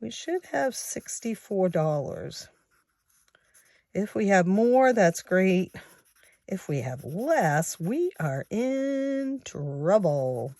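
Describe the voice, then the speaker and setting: A woman in her sixties chatting casually to her viewers, counting money out loud as she goes. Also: mid-range voice, sing-song, very slow, no echo, studio quality. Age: 60s. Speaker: savings challenge vlogger.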